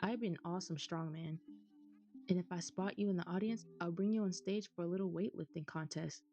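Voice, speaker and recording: A woman's voice: fairly low pitch, fairly even intonation, fairly quick, mellow, faint music behind, natural voice. An American woman reading aloud the lines of a hearty, boastful male jock villager in a video game. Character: upbeat muscle-loving male jock villager.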